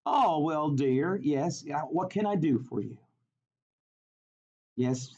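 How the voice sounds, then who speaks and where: A man's voice: fairly high pitch, lively intonation, slow pace, a little mellow, full character voice. A man putting on a doting little old lady bank teller with a Southern US accent, in a dull lo-fi recording. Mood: sweetly helpful.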